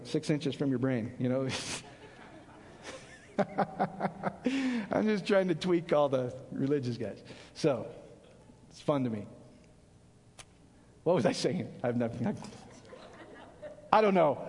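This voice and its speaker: High-pitched guy preaching, chatty and animated, joking around, lots of hall echo. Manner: animated, conversational, jokes and asides. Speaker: pastor. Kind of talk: casual sermon to a small group. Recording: long hall reverb.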